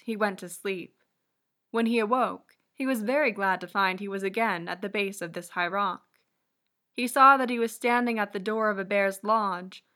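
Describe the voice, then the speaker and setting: A woman reading a legend aloud as scripted narration, in an even, measured way. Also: medium pitch.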